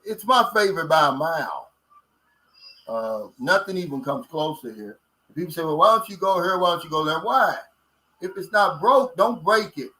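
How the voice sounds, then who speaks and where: A man in his late fifties with a Kentucky country accent talks in a casual vlog chat. His voice sits a little high for a man. His delivery is folksy and blunt, and he keeps tossing in "man" as he reacts to viewer comments. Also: expressive, normal speed, sharp tone, low-quality recording. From Kentucky, USA. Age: 50s. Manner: folksy and blunt, drawls out filler words. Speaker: vlogger reading viewer comments.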